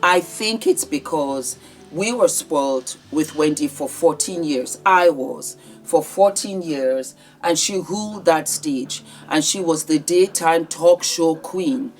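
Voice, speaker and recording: Earnest woman with a lowish voice. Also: slow pace, a little mellow, soft background music. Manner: earnest, heartfelt, conversational. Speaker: vlogger. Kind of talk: emotional celebrity commentary.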